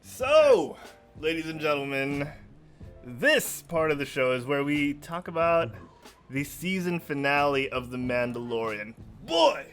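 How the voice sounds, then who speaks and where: A man co-hosting a podcast, chatting casually and gushing over a show, sometimes shouting in excitement. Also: a little high, a little slow, faint music behind. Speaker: podcast co-host.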